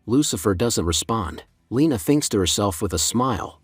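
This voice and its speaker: A man narrating a story recap in an even, steady delivery. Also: fairly low pitch, moderate pace, few pauses, breathy edge, no room sound, faint music behind.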